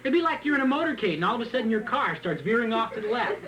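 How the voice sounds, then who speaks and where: A man preaching a sermon, reading scripture and then retelling it in a joking, animated way with frequent laughs. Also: very high voice, racing, a little hiss or hum, low-quality recording. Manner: animated, joking, laughs often at his own asides; reads scripture aloud and then retells it in plain talk. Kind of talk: sermon with Bible reading and commentary.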